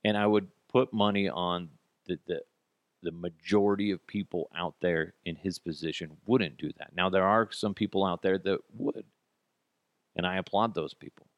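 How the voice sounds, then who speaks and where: A man's voice: low-pitched, moderate pace, no echo, lo-fi sound. A man hosting a podcast alone, giving blunt, profane, sarcastic commentary. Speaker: podcast host. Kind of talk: solo commentary.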